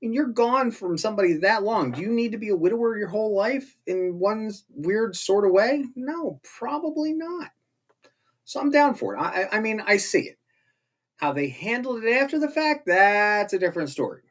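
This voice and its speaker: A man's voice: high voice, lively intonation, moderate pace, fairly bright tone. Chatty man rambling through a recap. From not British. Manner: chatty, rambling, jokey asides. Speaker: show host recapping a series. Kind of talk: casual spoken episode recap.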